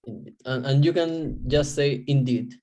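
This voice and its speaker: Mellow-voiced male student. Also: medium pitch, normal speed. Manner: short replies, careful reading aloud.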